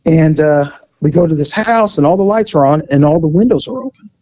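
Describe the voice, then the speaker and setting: A man and former police officer, telling a story in a casual, animated way and acting out the voices in it. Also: a little high, a little fast, no room sound. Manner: animated, acts out voices in his stories.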